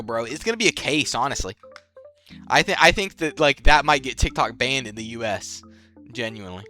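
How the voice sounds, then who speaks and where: A young man hosts his channel with casual tier-list commentary, his fairly high voice pushed, bright, clear and resonant. He rambles in slang, swears freely and laughs at his own jokes.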